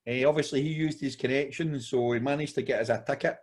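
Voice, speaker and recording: He talks fast in a husky, mid-range voice with fairly even intonation. A Scottish co-host on a podcast, he rambles casually through a long tale and keeps calling his friend "mate."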